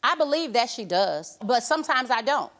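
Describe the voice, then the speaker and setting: A woman's voice: fairly high pitch, big pitch swings, moderate pace, a bit bright. A middle-aged woman, a grandmother, defending herself insistently to her daughter on a talk show. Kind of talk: family argument.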